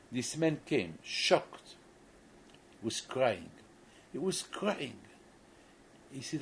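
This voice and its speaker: A man's voice: mid-range voice, sing-song, slow, creaky, long pauses, a little hiss or hum, rough recording. A man, a rabbi, gives a sermon and tells a story, often restarting and repeating words, in non-native English phrasing.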